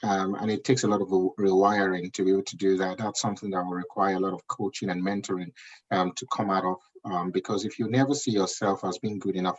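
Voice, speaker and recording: Fairly low and slightly rough, a Nigerian-accented man in his thirties gives an emphatic motivational address as a guest speaker. He repeatedly asks the audience "do you understand?", captured in a dull lo-fi recording.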